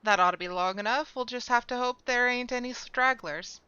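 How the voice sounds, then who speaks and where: A woman reading a gruff, streetwise male rogue from a video game, using a thick slangy put-on accent. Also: mid-range voice, moderate pace, bright, forceful tone, dry recording, dull audio, close to an everyday voice. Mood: scheming. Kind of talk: reading game dialogue aloud.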